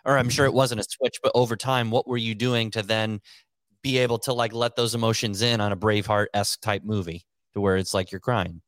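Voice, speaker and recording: A man's voice: on the low side, steady tone, brisk, fairly bright tone, no room sound. A man co-hosting a podcast, rambling and repeating words as he forms a question. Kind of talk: casual interview.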